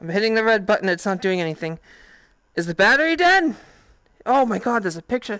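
A woman with a Boston accent talks through a VR game in loose let's-play commentary. She swears freely and reacts excitably, her pitch leaping up and down. The sound is dry and close, with no room echo. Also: fairly quick. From Boston, USA. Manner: profane, excitable, thinking aloud. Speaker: VR game streamer.

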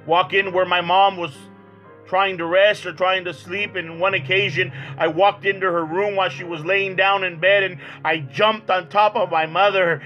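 A man evangelist tells his testimony in an earnest, halting way, stumbling over and repeating words. His voice sits high for a man and rings bright and sharp. Soft music plays faintly underneath. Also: low-quality recording. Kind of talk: personal testimony. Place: church.

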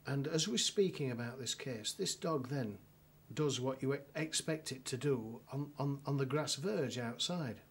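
Middle-aged northern english guy, dry storyteller, mid pitch, lots of restarts, bit of hiss behind. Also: measured pace, few pauses. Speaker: solicitor telling an anecdote. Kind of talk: documentary interview anecdote.

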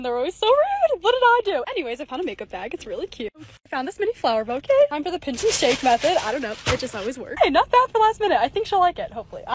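Young woman, lifestyle vlog narrator; bubbly, self-deprecating, quick delivery. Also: high-pitched, a little hiss or hum. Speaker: lifestyle creator. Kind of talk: casual voice-over vlog narration.

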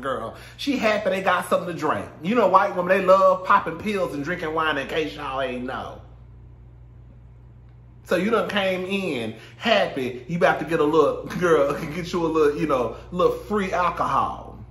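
A man's voice: a little high, animated, measured pace, fairly bright tone, roomy sound. A man casually recapping a reality show, sassy and profane, laughing often and mimicking the cast. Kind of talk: casual chat.

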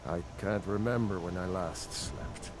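A weary Nord rebel soldier. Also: male voice, low voice, takes it slowly, noisy background. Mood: grave. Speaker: game character. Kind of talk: video game voice acting.

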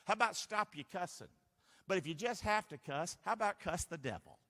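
Male pastor, animated call-and-response preacher; fairly high, bright voice heard in a hall with long reverb. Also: a little fast. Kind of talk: sermon. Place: church sanctuary.

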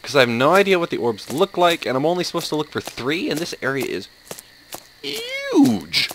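A man's voice: on the high side, huge pitch swings, normal speed, gravelly, fairly bright tone, a little hiss or hum, rough recording. A man giving sarcastic, jumpy commentary on a horror game, yelping and laughing at the scares. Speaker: let's play host.

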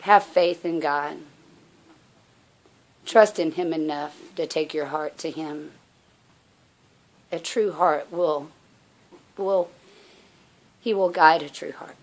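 A woman giving an earnest, halting personal faith message as a vlogger. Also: low voice. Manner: soft-spoken, halting, earnest. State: out of breath. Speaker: religious vlogger.

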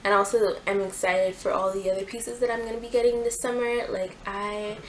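A woman's voice: mid-range voice, fairly even intonation, brisk, a little hiss or hum, rough recording. A young woman hosting a casual clothing haul vlog, chatty and gushing, with lots of fillers. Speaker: fashion YouTuber.

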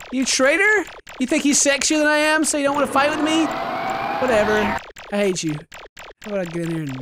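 Jokey gamer guy, high and bouncy voice, excitable let's-play commentary, noisy recording. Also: a little fast. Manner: jokey, yelps and laughs at the screen. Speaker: video game let's-player.

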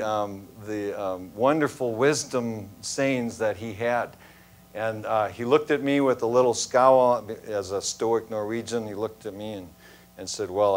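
A man preaching a sermon in a church as its pastor, in a conversational storytelling way, often checking in with the congregation. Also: medium pitch. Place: church sanctuary.

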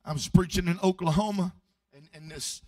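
Brief: male evangelist, high voice, stammering restarts, sung shouting peaks, distant dry mic. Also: steady tone, brisk. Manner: swings from quiet storytelling to loud sung shouting; repeats words and restarts often. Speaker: evangelist preacher. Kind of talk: sermon with storytelling.

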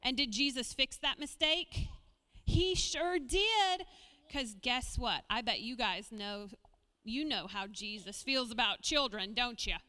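A woman giving a children's sermon in a church sanctuary, talking gently and playfully to small children. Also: fairly high pitch, measured pace, in a large hall. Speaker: children's message leader.

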